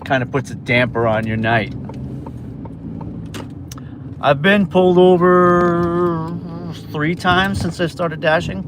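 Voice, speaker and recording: A man's voice: on the high side, slow pace, pauses often, noisy background. A man from New York livestreaming as a delivery driver, chatting loosely with viewers from his car and a store on a phone camera. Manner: chatty, rambling, talks to chat viewers. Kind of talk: casual livestream chat.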